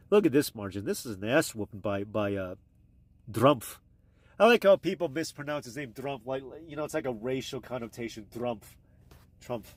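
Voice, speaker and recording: A man's voice: medium pitch, no echo. Crude, rambling man on a phone stream. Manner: crude, meandering, offhand. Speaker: live streamer. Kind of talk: rambling casual live-stream chat.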